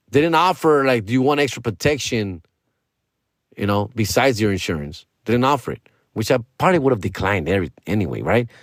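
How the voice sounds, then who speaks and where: Profane, animated comedian telling a story. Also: male voice, on the low side, no echo, clean studio sound. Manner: animated, profane, acts out both sides of conversations. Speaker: podcast host, comedian. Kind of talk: comic storytelling monologue.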